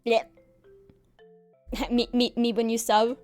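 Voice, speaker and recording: Bubbly high-voiced young woman streamer. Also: level tone, slow pace, darkish tone, soft background music. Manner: bubbly, giggly, exclamatory, playful. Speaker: VTuber streamer. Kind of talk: excitable stream chat showing off a model.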